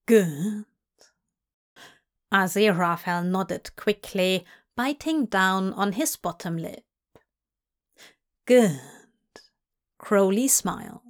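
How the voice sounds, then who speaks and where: A woman reading a story aloud in a soft, hushed voice that drifts into whispers. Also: mid-range voice. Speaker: audiobook reader. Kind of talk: narrating fan fiction aloud.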